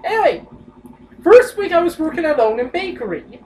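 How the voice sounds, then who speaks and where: A woman's voice: very high voice, big pitch swings, moderate pace, warm tone, low-quality recording. A young woman telling a work story in a casual, rambling chat. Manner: casual, rambling with side remarks. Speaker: podcast co-host.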